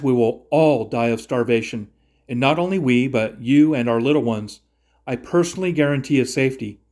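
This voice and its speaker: A man's voice: medium pitch, a little mellow, natural voice. A man voicing a grown brother who pleads urgently with his father and vows to protect his youngest sibling. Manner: urgent, persuasive.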